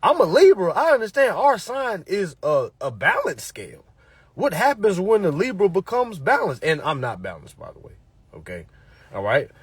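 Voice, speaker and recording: A motivational speaker preaches to his followers in a high-pitched, husky voice whose pitch swoops wildly, at a moderate pace with no echo. He's emphatic and repetitive, with blunt profanity and a steady stream of "all right?"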